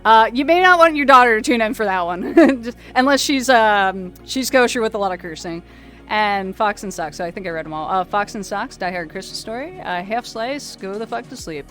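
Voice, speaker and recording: A chatty woman, in a somewhat high voice, hosts a livestream. She laughs often and trips over her words, with faint music in the background. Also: expressive, fairly quick, fairly bright tone. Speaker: streamer host. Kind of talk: casual livestream chat.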